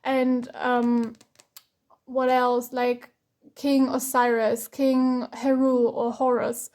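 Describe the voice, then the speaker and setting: A woman's voice: a little high, level tone, drawn-out words, darkish tone. A woman from Germany, giving a chatty, rambling tarot reading full of fillers and restarts. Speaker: tarot reader.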